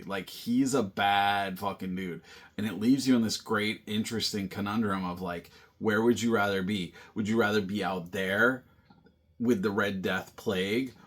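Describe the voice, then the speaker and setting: A man's voice: deep voice, fairly bright tone, husky. A man casually recapping and reviewing a film, rambling with lots of fillers and restarts. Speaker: movie review host.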